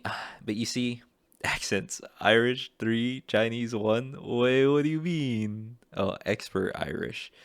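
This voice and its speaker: A man's voice: fairly low pitch, vocal fry, fairly bright tone, no room sound, studio quality. A young man rambling hesitantly and self-deprecatingly as he browses voice acting jobs in a casual vlog. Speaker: aspiring voice actor. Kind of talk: casual screen-share vlog.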